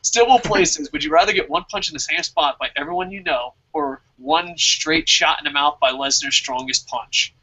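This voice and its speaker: A man's voice: fairly high pitch, sing-song, normal speed, few pauses, bright, forceful tone, poor audio. A man hosting a casual wrestling talk show, rambling, swearing and laughing often. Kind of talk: casual podcast chat.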